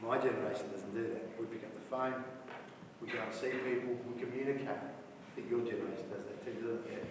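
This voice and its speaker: A man's voice: mid-range voice, steady tone, a little fast, noisy background. Man telling stories in an echoey hall. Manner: storytelling, acts out both sides of dialogue, rhetorical questions. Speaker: speaker addressing young people. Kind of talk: motivational talk with anecdotes. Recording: echoey hall, mic far off.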